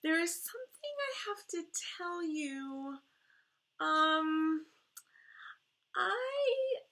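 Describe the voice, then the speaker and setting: A woman voicing an excitable, imaginative little girl in a read-aloud storybook. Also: very high voice, a little slow, pitched above the performer's own voice, exaggerated voice. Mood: pleading. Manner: shrieking, excitable.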